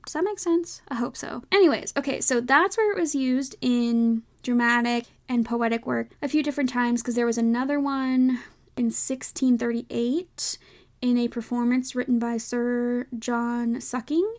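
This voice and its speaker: A woman's voice: a little high, fairly even intonation, a little slow, a little mellow. A young woman with a light Southern American accent, hosting a casual solo podcast, chatty and full of "like" fillers and self-checking asides. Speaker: podcast host.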